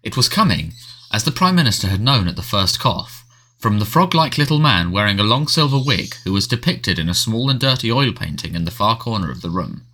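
Male audiobook narrator, low voice, lively intonation, bright, measured storybook reading.

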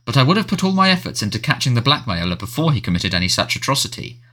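A man voicing an irritable middle-aged male prime minister who blusters with sharp, indignant outbursts. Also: medium pitch, big pitch swings, rapid-fire, pitched above the performer's own voice.

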